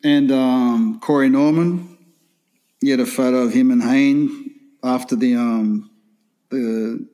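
A man's voice: mid-range voice, steady tone, slow, long pauses, warm tone. A man co-hosting a casual podcast, blunt and crude with dry one-liners. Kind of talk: casual chat.

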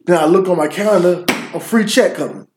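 A man telling stories in casual podcast chat, animated and swearing often. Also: sits high, a little fast, noisy background. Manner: profane, animated storytelling. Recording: roomy echo.

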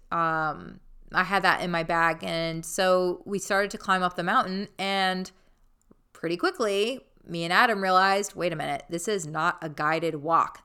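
A chatty woman tells a personal story in a relaxed, casual way, filling pauses with ums and likes and laughing easily. Her voice is crisp and smooth, with a sharp brightness. It sits a little lower than most women's voices.

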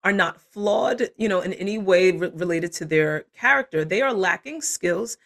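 Animated woman coach, laughs often. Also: on the low side, moderate pace, creaky. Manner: animated, laughs often, acts out quoted parents and kids. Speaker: parenting coach and podcast guest. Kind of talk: casual interview conversation.

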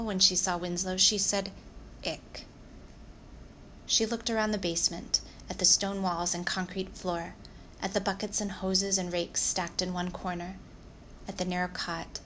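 A woman reading a children's novel aloud in a calm, measured storytelling voice. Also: lowish voice, a little hiss or hum, poor audio. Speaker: audiobook narrator. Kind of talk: audiobook narration.

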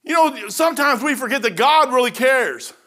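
A man preaching a folksy, storytelling sermon as pastor, dropping to a hush and rising to shouts. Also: extremely high pitch, lively intonation, normal speed. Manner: says "man" often.

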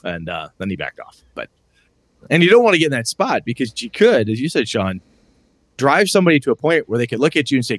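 A podcast co-host chats casually about tabletop gaming, his medium-pitched voice moving fast and swinging widely in pitch with no echo. He rambles through stories and acts out his friends' lines along the way.

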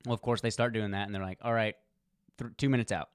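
Quick, smooth-voiced man discussing a film. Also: fairly low pitch, steady tone, no echo, clean studio sound. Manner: chatty, fills with "uh" and "like", swears casually. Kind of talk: casual movie recap chat.

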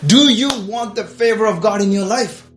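High-voiced preacher in an echoey room. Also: male voice, normal speed, fairly bright tone. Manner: urgent, exhorting, direct address to viewers. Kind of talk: sermon. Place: livestream. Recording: echoey room with faint music.

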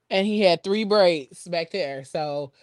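A woman co-hosting a casual online talk show, telling a story with lively, slang-heavy banter and laughter. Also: on the low side, dry recording, clean studio sound. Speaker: podcast co-host.

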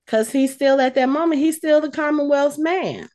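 A woman co-hosting a casual chat, retelling a scene with lively, acted-out quotes. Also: high-pitched, moderate pace. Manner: animated storytelling, acts out quotes. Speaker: podcast co-host recapping a TV episode.

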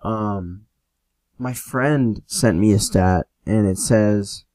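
A man's voice: fairly low pitch, drawn-out words, warm tone. A young man hosting a podcast, telling rambling, profane stories in a laid-back solo chat. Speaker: podcast host. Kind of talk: casual solo storytelling.

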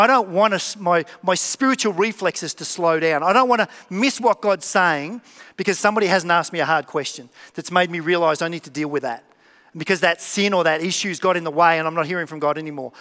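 A man's voice: high-pitched, a bit bright. A man preaching a conversational sermon, acting out little dialogues and repeating key phrases. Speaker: pastor. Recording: long reverb of a hall.

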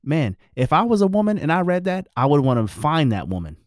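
A man's voice: fairly high pitch, very animated, a little fast, no echo, clean studio sound. A married man giving his views in a blunt, preachy, profane casual monologue.

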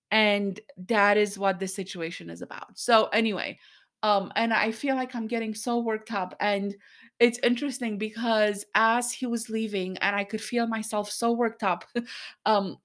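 A woman's voice: medium pitch, a bit bright. Worked-up woman venting as a podcast host. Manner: worked up, frustrated, talking in bursts with quick asides. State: angry. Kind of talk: personal monologue to listeners.

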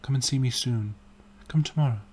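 A man's voice: medium pitch, a little fast, a little mellow, lightly acted. A man reading the part of an earnest, anxious painter in an audiobook, in a sad, pleading way.

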